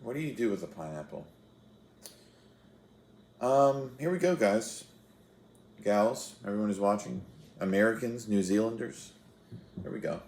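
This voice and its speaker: A man's voice: lowish voice, lively intonation, measured pace, vocal fry, pauses often, a little mellow, roomy sound. A man in his thirties hosting a fruit-tasting web show, chatting casually to the camera in a rambling, self-deprecating way with filler restarts. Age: 30s.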